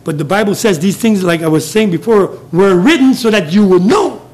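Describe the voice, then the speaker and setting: A man's voice: high-pitched, lively intonation, fairly quick, a little mellow. A middle-aged man with a Quebec French accent preaching an informal sermon in a small café. He rambles with restarts and chuckles often. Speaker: lay preacher.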